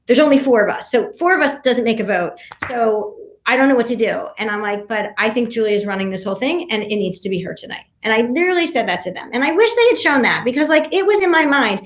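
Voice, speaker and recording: Animated storytelling woman, high voice. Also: roomy sound, a little hiss or hum. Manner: talks fast with many restarts and fillers, acts out quotes. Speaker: podcast guest, reality show contestant.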